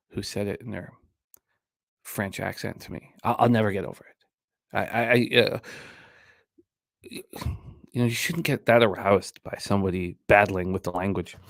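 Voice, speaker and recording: A man's voice: lowish voice, creaky, dry recording, studio quality. A man hosting a sports betting radio show, talking energetically, rambling and throwing in crude jokes.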